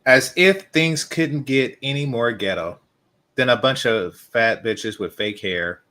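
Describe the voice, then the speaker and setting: A man's voice: mid-range voice, unhurried, pushed and bright. A man hosting a reaction video, commenting with open scorn over a clip. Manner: scornful, mocking.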